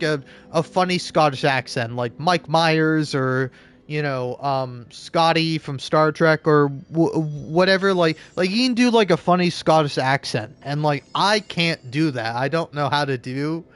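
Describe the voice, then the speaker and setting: A man's voice: fairly high pitch, fairly bright tone. An American man from the southeastern US, chatting casually while gaming, in a rambling way with many fillers and restarts. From southeastern United States. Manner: rambling, filler-heavy, frequent 'like' and restarts. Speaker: streamer.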